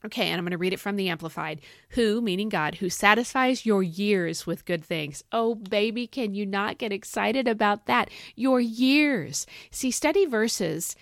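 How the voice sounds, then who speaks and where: A woman podcast host teaching from the Bible in an excited, folksy, emphatic way. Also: mid-range voice, moderate pace, vocal fry, hardly any pauses, no echo, clean studio sound. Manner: animated, folksy, emphatic with y'all.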